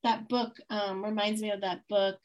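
A woman hosts a relaxed podcast conversation, chiming in with supportive agreement and short, affirming comments that keep the talk moving. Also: medium pitch, moderate pace, highs cut off.

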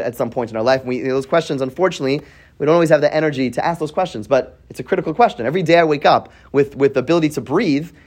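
Male Torah teacher, lively pitch, quizzes the class, restarts thoughts mid-sentence. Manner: asks the class questions, thinks aloud with restarts. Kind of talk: weekly Torah portion class.

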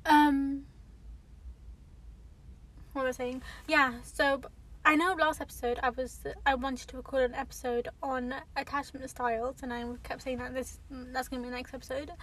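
A woman's voice: high voice, level tone, moderate pace, fairly bright tone, poor audio. A young woman hosting her own podcast from a parked car, chatting casually and rambling with lots of fillers and self-corrections. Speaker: podcast host. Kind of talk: casual solo podcast chat. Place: parked car in a car park near an airport. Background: faint airplane noise.

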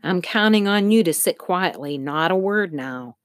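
A woman reading the lines of a determined, protective mother in an audiobook, in a firm, low voice. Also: lively intonation, normal speed, close to an everyday voice. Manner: firm, commanding.

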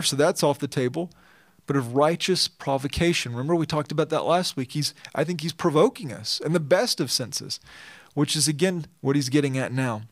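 A pastor giving an expository sermon, reading scripture and then explaining it earnestly and emphatically. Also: male voice, a little high, dry recording.

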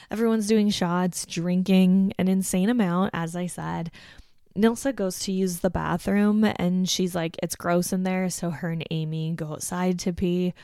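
A young woman hosting a podcast, recapping a reality show in casual, animated chat and acting out the cast's lines. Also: lowish voice, unhurried, smooth, dry recording, clean studio sound. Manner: animated, acts out cast quotes with profanity.

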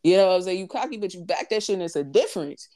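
A woman's voice: lowish voice, expressive, very fast, dark tone. A woman, talking bluntly and profanely in casual chat, repeating her points for emphasis.

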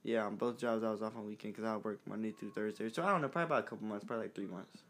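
A man's voice: on the low side, a bit bright. A young man who runs a gas station, chatting loosely with friends and full of fillers. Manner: quick, loose, filler-heavy. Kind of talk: casual chat with friends.

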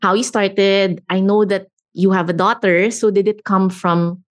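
A woman's voice: medium pitch, steady tone, measured pace. A woman hosting a podcast, chatting casually and encouragingly with a guest she has known for years. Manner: warm, encouraging, long-time friend of the guest. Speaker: podcast host. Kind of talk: casual interview chat.

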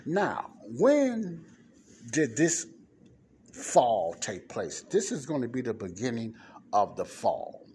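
A man with a fairly low voice teaches scripture in a relaxed, conversational way, reading verses aloud and breaking them down. He often checks in with his listeners between points. A faint hum of background noise sits under his voice. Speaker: Bible teacher. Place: non-soundproof spot in a library.

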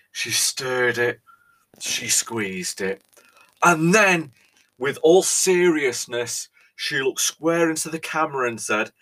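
A man's voice: mid-range voice, bright, forceful tone. Theatrical British man ranting. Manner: theatrical, exasperated, pausing, repeats "right?". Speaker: podcast host. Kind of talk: mock-outraged monologue.

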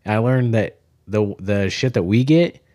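This fairly low, dark-toned voice belongs to a Kansas brewer with a slight accent, guesting on a podcast at normal speed. The sound is clean studio quality with no echo, and his loose chat is full of swearing and sudden shifts in thought.

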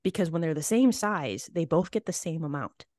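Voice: medium pitch, lively intonation, normal speed, a little mellow, dry recording, clean studio sound. A podcast host talking animatedly in a casual conversation, building out analogies.

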